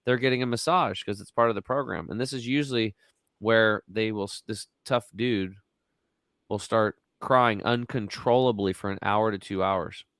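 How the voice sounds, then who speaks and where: Low-voiced emphatic man in his forties. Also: normal speed, a bit bright, no echo, clean studio sound. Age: 40s. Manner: emphatic, rambling, blunt with mild swearing. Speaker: podcast guest. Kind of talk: casual storytelling chat.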